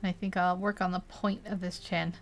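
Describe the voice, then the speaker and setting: A woman's voice: lowish voice, little pitch movement, fairly quick, a little hiss or hum. A young woman casually narrating as she paints a digital portrait, chatty and rambling, laughing often between thoughts. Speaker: digital art streamer.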